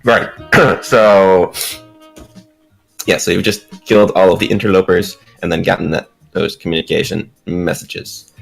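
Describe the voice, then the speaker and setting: A man's voice: fairly even intonation, unhurried, vocal fry, faint music behind, rough recording. A man running a tabletop role-playing game as game master, chatty and self-mocking. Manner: chatty, self-mocking, breaks into high silly squeals.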